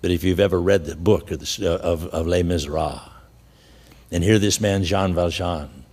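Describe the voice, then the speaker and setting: A man's voice: low voice, normal speed, a little mellow, slightly rough, long reverb tail. A man preaching a sermon in a conversational storytelling way, chuckling now and then. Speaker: pastor.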